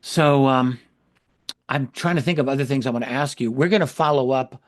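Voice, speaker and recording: Earnest man hosting an interview. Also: medium pitch. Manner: earnest, measured, self-correcting. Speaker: podcast host. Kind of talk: casual interview chat.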